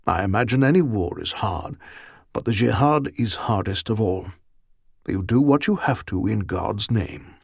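A man's voice: on the low side, expressive, unhurried, vocal fry, husky, no echo, studio quality, exaggerated voice. A man voicing a grim, devout officer. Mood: solemn.

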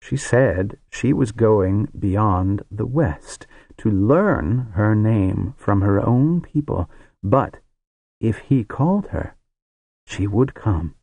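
A man voicing a grave male wizard who tells a story with solemn, hushed awe. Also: on the low side, expressive, takes it slowly, vocal fry, slightly rough, dry recording, heavily acted.

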